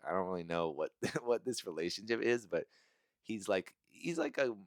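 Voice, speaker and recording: A man's voice: on the low side, expressive, normal speed, no room sound, studio quality. A man giving a casual, rambling movie rant, full of fillers and "like", chuckling often and pushing hard on his complaints. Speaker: movie reviewer.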